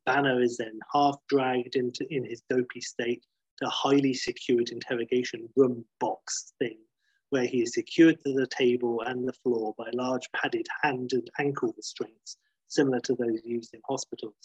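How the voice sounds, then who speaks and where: A man retelling a story at length in a casual, lively way, swearing now and then and acting out the characters' lines. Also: mid-range voice, normal speed, breathy edge, dry recording. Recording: dull muffled lo-fi sound.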